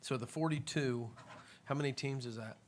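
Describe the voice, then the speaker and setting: An easygoing man runs a city council meeting, calling names and answering briefly. His voice sits at a middling pitch. There is faint room ambience behind him. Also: normal speed, slight background noise. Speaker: mayor chairing a council meeting. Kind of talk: calling speakers at public comment.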